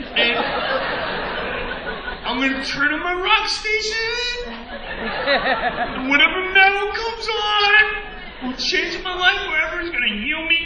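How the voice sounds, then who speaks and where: A man in his forties from Long Island doing stand-up storytelling, animated and bursting into shouted song lines. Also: very high voice, measured pace, long pauses, very noisy. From Long Island, New York. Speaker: stand-up comedian. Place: large theater stage. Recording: roomy theater sound from far off over loud crowd. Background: roaring audience laughter.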